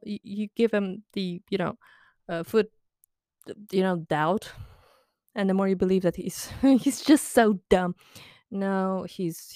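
A woman's voice: medium pitch, a little mellow, clean tone, no echo, clean studio sound. A young woman from the Baltics, talking in a casual, blunt monologue full of swearing, sarcasm and laughter. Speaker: podcast host.

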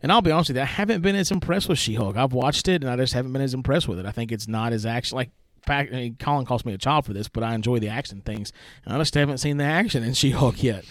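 A man's voice: medium pitch, fast talker, hardly any pauses, dry recording. Opinionated man, dry close sound. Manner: emphatic, many "like" fillers. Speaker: podcast co-host. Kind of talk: casual opinionated podcast debate.

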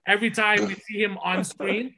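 An enthusiastic man hosting a casual podcast. His voice sits high and sounds bright and forward. He rambles through his points with many fillers and restarts. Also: little pitch movement, moderate pace, gravelly. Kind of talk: casual movie review chat.

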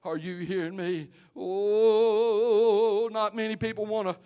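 A male pastor, preaching a sermon that swells from quiet storytelling into loud, shouted exhortation. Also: high-pitched, fairly even intonation, takes it slowly, smooth.

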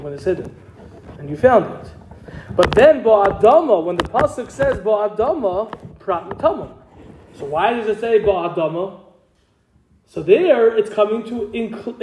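A man teaching a Talmud class, explaining step by step and asking his students questions. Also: sits high. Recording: echoey room with noise.

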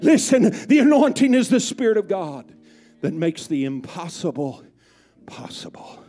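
A male pastor preaching a sermon at a church service, out of breath, shouting at the peaks and dropping to whispers. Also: high voice, big pitch swings, normal speed, soft background music.

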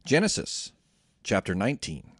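A man reading scripture aloud in a steady, measured way. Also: lowish voice, husky, no room sound. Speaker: scripture reader.

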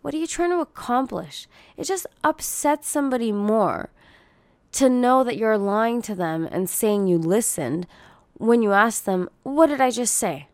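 A woman hosting a casual monologue podcast, blunt and profane, venting with sarcasm in a husky morning voice. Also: on the high side, expressive, measured pace, dry recording. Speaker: podcast host.

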